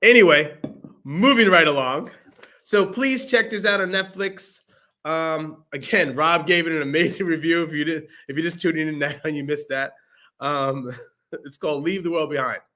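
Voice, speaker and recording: A man's voice: fairly high pitch, moderate pace, bright, forceful tone. A young man co-hosting a podcast, chatting casually and jokingly about movies, laughing often. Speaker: podcast co-host. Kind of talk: casual movie review chat.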